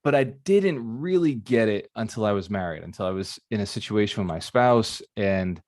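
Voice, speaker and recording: Animated male mentor quizzing his audience. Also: on the low side, normal speed, no room sound, studio quality. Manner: animated, asks the audience questions. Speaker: real estate mentor. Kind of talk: motivational talk to a live online audience.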